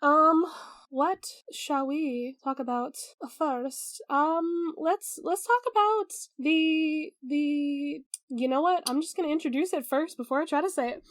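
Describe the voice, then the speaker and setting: A woman co-hosts a casual podcast, her high voice rambling through loose chat and tripping over tricky names. The sound is dry and close, with no room around it. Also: unhurried, no echo. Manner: rambling, stumbles over pronunciations. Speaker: podcast co-host.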